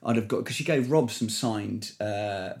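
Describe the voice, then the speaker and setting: A man, a comedian and impressionist, telling an animated anecdote in casual conversation, trailing off and restarting as he goes. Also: fairly low pitch, a little slow.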